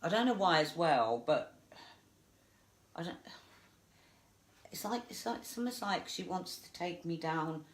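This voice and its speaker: A woman medium giving a live psychic reading, gentle and reassuring, halting with many fillers. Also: lowish voice, lively intonation. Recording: echoey room.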